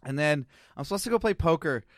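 A man's voice: a little high, lively intonation, fast, no echo, studio quality. A man in his thirties co-hosting a podcast, telling a rambling story with lots of swearing and self-mocking laughs. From Canada. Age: 30s. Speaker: podcast co-host. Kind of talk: casual storytelling chat.

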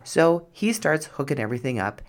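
Lively, laughing woman podcast host. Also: low-pitched, a little fast. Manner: chatty, laughs often, frank. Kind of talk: casual storytelling monologue.

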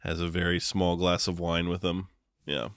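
A man co-hosts a casual movie-review podcast in a very deep voice. He talks in a sardonic, offhand way and swears freely. The sound is dry and close. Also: little pitch movement, normal speed, fairly bright tone, dry recording. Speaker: podcast co-host.

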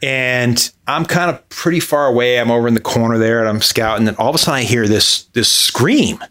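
A man's voice: medium pitch, a little fast, pushed and bright. A man telling a comic story on a podcast, self-mocking and acting out the dialogue he quotes. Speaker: podcast guest.

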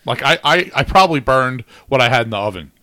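A man talks quickly in casual podcast chat, trading stories with friends. The sound is dry, with no room echo behind him. He rambles and tells anecdotes. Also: mid-range voice, animated, sharp tone. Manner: chatty, storytelling.

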